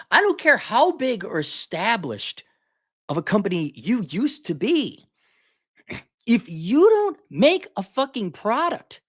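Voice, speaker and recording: A man's voice: extremely high pitch, a bit bright. Crude sarcastic man ranting. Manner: crude, sarcastic, mocking voices of companies; frequent throat clearing. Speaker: podcast host. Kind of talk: ranting commentary monologue.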